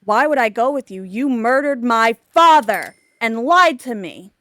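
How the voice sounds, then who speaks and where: A woman's voice: high voice, expressive, moderate pace, dry recording, voice pushed up. A woman voicing a defiant, resentful teenage girl in a Sims story. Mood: accusing.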